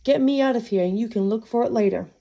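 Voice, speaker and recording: A woman's voice: fairly high pitch, fast, gravelly, mellow, lo-fi sound. A woman voicing a lonesome, sassy female jukebox in a storybook reading, full of country-song sayings. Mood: bossy.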